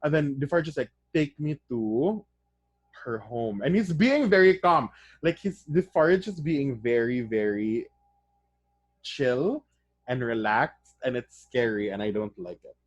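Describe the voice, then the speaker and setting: A man's voice: medium pitch, measured pace, no echo. Man reading a novel aloud with chatty asides. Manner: reads aloud, then breaks into excited chatty asides. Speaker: reader of a novel. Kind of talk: reading aloud with casual commentary.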